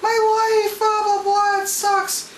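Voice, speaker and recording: A man voicing a distraught woman customer who sobs and wails in a high, whiny voice. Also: completely flat delivery, slow, fairly bright tone, exaggerated voice. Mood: sobbing, whiny. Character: distraught sobbing woman customer, wailing and self-pitying. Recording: echoey room with background noise.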